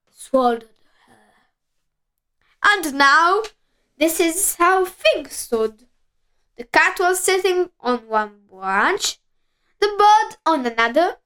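A woman with a very high voice reads a children's tale. Her pace is very slow and drawn out, and her pitch swoops widely for drama. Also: rough recording. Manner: slow and expressive, with dramatic pauses. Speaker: storyteller. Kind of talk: reading a children's story aloud.

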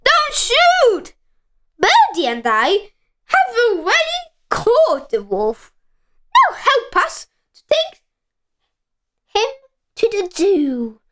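A fearless little boy calls out orders in a high, ringing voice, as a woman reading a storybook plays him. He sounds sure of himself and a bit bossy. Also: big pitch swings, takes it slowly, fairly bright tone, a little hiss or hum, exaggerated voice. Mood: commanding. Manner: high, commanding, calling out. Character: brave young boy, bold and bossy.

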